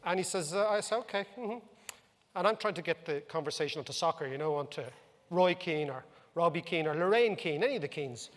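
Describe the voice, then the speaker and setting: Irish guy telling funny stories to a crowd, pretty high voice, echoey hall. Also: animated, fast talker, slight background noise. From Ireland. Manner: storytelling, wry, anecdotal. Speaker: economic commentator, speaker. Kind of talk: humorous talk to a live audience. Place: club function room. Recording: reverberant hall.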